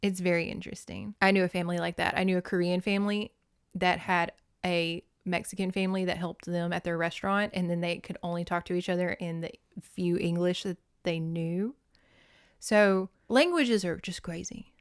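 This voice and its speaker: A woman's voice: lowish voice, steady tone, normal speed, clear, resonant tone, no echo, clean studio sound. A woman hosting a casual book recap, chatting, swearing and laughing as she retells the story. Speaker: host reviewing books.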